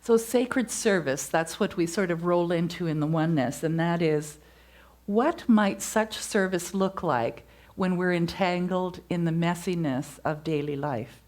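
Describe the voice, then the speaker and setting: Low-voiced woman giving a spiritual talk. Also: steady tone, unhurried, a little mellow.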